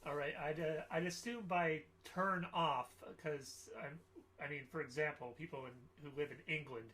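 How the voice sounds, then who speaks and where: A man hosting an interview, reading out viewer questions in a halting way, with many fillers and restarts. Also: on the high side, fairly even intonation, bright, forceful tone.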